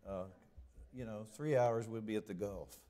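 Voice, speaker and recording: A man's voice: lowish voice, normal speed, dark tone. An older man with a Southern Alabama accent, a visiting preacher telling folksy, joking stories from the pulpit on a church microphone. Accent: Southern US, Deep South Alabama. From southern United States. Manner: joking, storytelling, drawling. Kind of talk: folksy sermon introduction. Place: church sanctuary.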